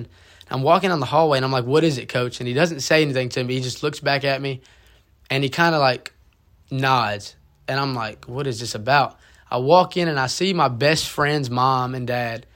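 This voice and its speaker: Young man, college student, personal testimony, halting, emotional, restarts often, mid-pitched voice. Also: a bit bright. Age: young adult. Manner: halting, emotional storytelling with many restarts and fillers.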